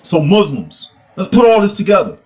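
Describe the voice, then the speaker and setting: Mocking man preaching in a high voice. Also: wildly swooping pitch, normal speed, darkish tone. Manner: mocking, rhetorical questions. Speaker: religion critic. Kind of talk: preaching rant.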